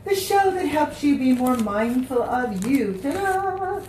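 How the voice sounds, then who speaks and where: Woman, radio host, rambling, chatty, slightly high, roomy sound, away from mic. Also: very animated, measured pace, dark tone, recorded from a distance, slight background noise. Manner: rambling, chatty, loses her train of thought. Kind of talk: casual radio chat.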